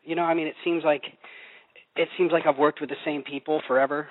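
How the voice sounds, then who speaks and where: A man's voice: on the high side, steady tone, fast talker. A middle-aged man from Oklahoma, a voice actor guest, talking in a rambling, laid-back way with many restarts. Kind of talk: casual interview. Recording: dry, tinny phone-line sound.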